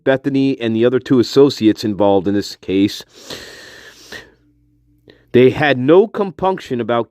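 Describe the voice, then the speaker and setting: A man hosts a livestream with an angry, profane, repetitive delivery. His voice sits at an ordinary male pitch, picked up dry and close on a phone. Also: warm tone, dry recording. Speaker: livestream host. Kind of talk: livestream rant.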